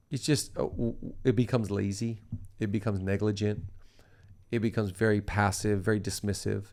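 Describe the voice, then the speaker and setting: A man's voice: fairly low pitch, steady tone, unhurried, a little mellow. A middle-aged man hosting a leadership podcast, talking in an emphatic, preacher-like way and repeating phrases for stress. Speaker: pastor and podcast host.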